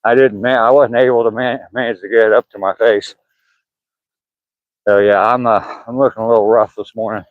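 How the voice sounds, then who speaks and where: A man's voice: on the low side, steady tone, a little fast, no room sound, phone-quality sound. An older man with a Southern accent, chatting casually with his livestream viewers as he walks outdoors past pine woods, rambling and chuckling as he reads the chat. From Southern US, Georgia. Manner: easygoing, rambling, chuckling, reading chat aloud. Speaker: vlogger livestreaming a walk. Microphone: phone camera held while walking.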